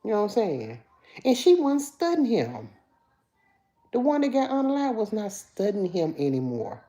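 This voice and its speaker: Reading viewer comments aloud on her livestream, this Memphis-accented woman in her fifties keeps things chatty and addresses everyone as y'all. She has a warm, mid-range voice whose pitch swoops wildly, and she talks at a normal speed.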